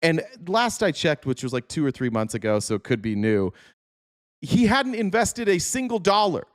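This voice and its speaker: A man's voice: on the high side, normal speed. A man hosting a political podcast, ranting sarcastically and swearing, reading out chat comments between points. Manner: animated, profane, sarcastic ranting. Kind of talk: casual political talk.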